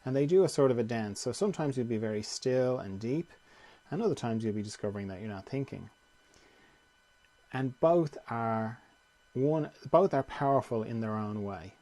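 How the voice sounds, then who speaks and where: A man teaching meditation in a calm, conversational way, often repeating phrases. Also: medium pitch, normal speed. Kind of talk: guided meditation talk.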